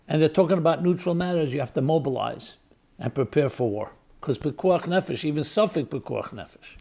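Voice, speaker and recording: A rabbi hosting a podcast, speaking in a fairly high male voice. He lectures emphatically, repeats key words to drive a point home and weighs arguments aloud with rhetorical questions. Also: darkish tone. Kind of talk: spoken lecture answering questions.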